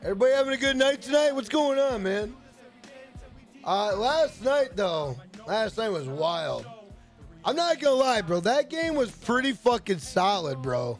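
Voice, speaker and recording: This gaming streamer speaks in a high, very animated voice at a measured pace, with faint music behind him. He streams a game live, rambling, cursing, and joking while reading chat messages aloud.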